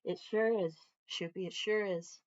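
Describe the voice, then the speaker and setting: A woman's voice: mid-range voice, steady tone, unhurried, muffled recording. A woman Air Force veteran talking earnestly in a casual vlog, her arm in a sling, chatting on and breaking off to scold her dog. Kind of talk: casual heartfelt vlog talk.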